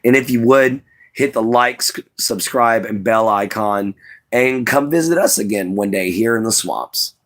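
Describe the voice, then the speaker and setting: A man chatting casually to viewers on a live stream, rambling and relaxed, with lots of "you know" and "man". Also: fairly low pitch, measured pace. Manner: laid-back, rambling, says "you know" and "man" a lot.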